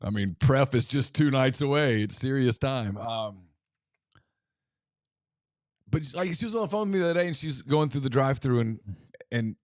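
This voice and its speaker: A man's voice: mid-range voice, lively intonation, moderate pace, pauses often, dry recording, clean studio sound. A middle-aged man co-hosting a casual sports talk show, chatty and exasperated with laughing asides. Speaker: co-host.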